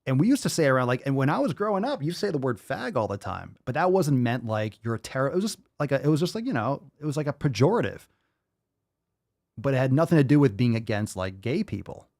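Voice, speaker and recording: A man's voice: medium pitch, sing-song, fast, a little mellow, dry recording, clean studio sound. A man in his thirties hosting a podcast, ranting casually in an exasperated, profane way and repeating himself. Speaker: podcast host.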